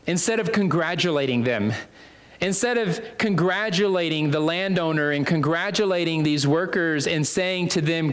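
A man's voice: a little high, moderate pace, a bit bright. A man preaching a sermon in a conversational way, with many fillers and restarts.

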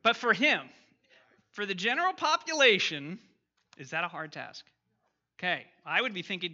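A man's voice: sits high, expressive, moderate pace, long pauses, bright, forceful tone, highs cut off. A man teaching an interactive Bible lesson, questioning his class and reading scripture aloud.

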